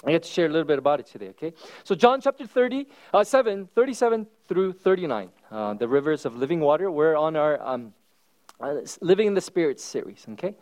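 A male pastor preaching a sermon at a church service, telling stories with swings between loud exclamations and hushed asides. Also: fairly high pitch, sing-song, fast talker.

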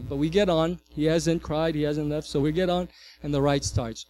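A man in his thirties, a pastor, preaching a sermon and telling a family story with lively swings from loud to hushed. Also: on the high side, normal speed.

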